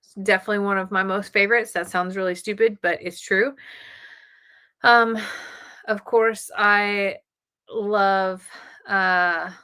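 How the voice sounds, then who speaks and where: A middle-aged woman hosting a casual live stream, chatting excitedly with her viewers. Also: medium pitch, measured pace, pauses often, clean tone.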